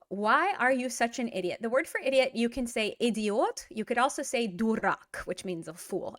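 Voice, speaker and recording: A woman hosting her own online language lesson, talking in an upbeat, chatty way with frequent fillers. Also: fairly high pitch. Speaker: Russian language teacher.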